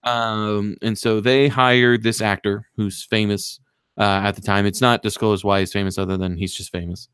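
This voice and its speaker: A man with a fairly low voice chats loosely as a podcast host, retelling a strange movie scene by scene. He rambles with fillers and slips into short voices for the characters. The sound is dry and close. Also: flat delivery, normal speed, fairly bright tone, smooth, dry recording. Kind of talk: casual chat, retelling a movie plot.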